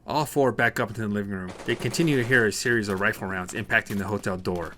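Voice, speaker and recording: A man narrating an action novel as an audiobook in a steady, plain reading. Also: fairly low pitch, quick pace, slight background noise.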